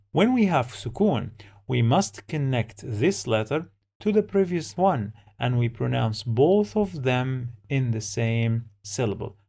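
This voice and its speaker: A man's voice: medium pitch, creaky, a little mellow. A man teaching an Arabic reading lesson, repeating each word and syllable patiently while he explains every rule. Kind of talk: slow, patient language lesson.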